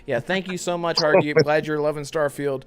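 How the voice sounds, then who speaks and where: A man's voice: a little high, fairly even intonation, fairly quick, clear, resonant tone. A man hosting a gaming podcast in casual chat, talking loosely and laughing often. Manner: chatty, laughs often, reads chat aloud. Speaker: podcast host.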